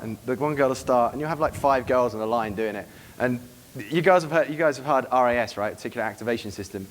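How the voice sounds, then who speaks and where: A man's voice: medium pitch, fast, a little hiss or hum. A man giving a live seminar talk to an audience, brash and profane, acting out bits of dialogue as he teaches. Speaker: dating coach giving a seminar.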